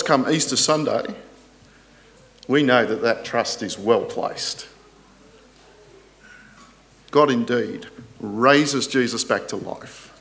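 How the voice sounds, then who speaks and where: Delivering a sermon in a mid-range voice, this man speaks with earnest deliberation; his volume rises on scripture quotations and falls soft as phrases close, and he asks rhetorical questions.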